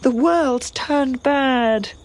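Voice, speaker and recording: A woman playing a grieving, defiant young princess in a classical drama, with a breathy voice and impassioned lament. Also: high-pitched, a little hiss or hum. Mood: despairing. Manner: impassioned lament, slow and swinging.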